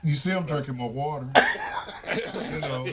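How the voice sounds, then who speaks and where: A man with a hoarse, congested voice, chatting as a reluctant guest singer on a casual live show. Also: medium pitch, moderate pace, music in the background.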